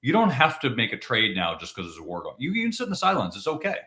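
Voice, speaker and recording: Here is a male podcast co-host in a relaxed discussion who talks with insistent emphasis. He keeps circling back to the same point and restarts sentences as he goes, while his pitch sits in an ordinary middle range. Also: quick pace. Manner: emphatic, repeats key points, frequent restarts.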